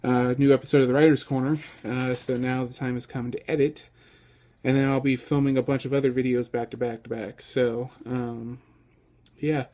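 A man's voice: mid-range voice, moderate pace. A man chatting casually to camera as a vlogger, easygoing and rambling with many ums and uhs. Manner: excitable, gushing. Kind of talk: casual vlog chat.

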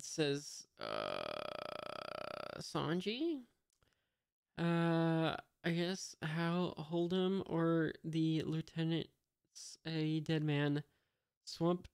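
Hesitant man reading comics aloud, slow. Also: a little high, lively intonation, creaky, smooth, no room sound, clean studio sound. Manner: hesitant, many fillers, reads out sound effects. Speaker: manga reader.

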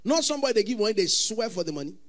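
Shouting Nigerian preacher, high voice. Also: male voice, racing. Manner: preaching with sudden shouted outbursts. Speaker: pastor. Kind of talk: sermon.

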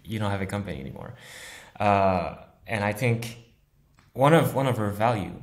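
Man, low voice, software engineer, thoughtful, laughs easily, casual interview.

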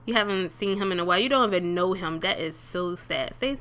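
Chatty young woman narrating a game. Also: a little fast. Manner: chatty, talks to the game characters, bursts of excited high pitch. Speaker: let's play gamer. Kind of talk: casual gameplay commentary.

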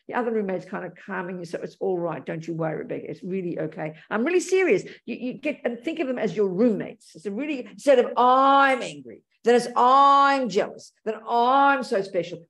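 A woman's voice: medium pitch, darkish tone. Woman dharma teacher, blunt but tender with endearments, middle-range voice. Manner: frank and affectionate, calls people darling and sweetie. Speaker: Buddhist teacher. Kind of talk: dharma talk answering audience questions.

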